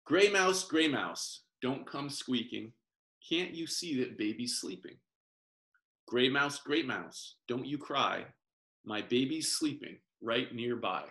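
A man reading a children's picture book aloud in a gentle sing-song, pausing to explain words over a video call. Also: mid-range voice, expressive. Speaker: professor reading picture books to families. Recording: roomy echo.

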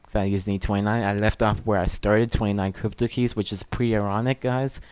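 Eager low-voiced man chatting about games. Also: steady tone, a little fast, darkish tone, smooth, dry recording. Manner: chatty, keeps addressing viewers as "guys"; pleading and eager. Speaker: gaming channel host. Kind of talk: casual game commentary.

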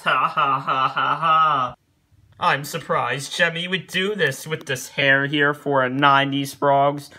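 A man with a highish, sharp-toned voice gives comedic reactions to pictures. He giggles constantly, laughs at each image in singsong chants, repeats silly lines, and playfully scolds whoever made the pictures.

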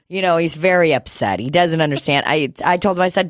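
Laughing, animated woman telling a story. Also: sits low, fairly quick, few pauses, no room sound, clean studio sound. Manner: animated storyteller, laughs often, mimics customers. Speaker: podcast co-host. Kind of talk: casual storytelling chat.

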